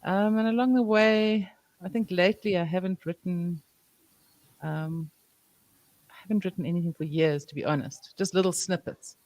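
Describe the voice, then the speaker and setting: A woman guest chatting in a relaxed way, reminiscing at length. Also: lowish voice, normal speed, dry recording. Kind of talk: casual chat.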